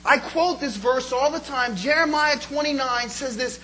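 Fiery male preacher, bright edge, swings soft to loud. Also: very high-pitched, moderate pace, hardly any pauses, a little hiss or hum, poor audio. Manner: passionate, swinging from soft asides to loud pleading. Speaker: pastor. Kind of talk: sermon.

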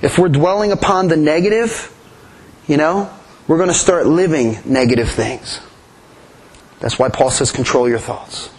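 A man's voice: fairly high pitch, unhurried, pauses often, slight background noise, poor audio. A man preaching a sermon in an earnest way, often repeating his key phrases. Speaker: pastor.

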